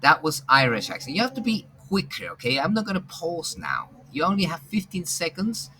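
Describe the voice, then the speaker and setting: A man teaching an online language class, repeating his instructions in an animated way and laughing often. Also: on the high side, fairly quick, noisy background.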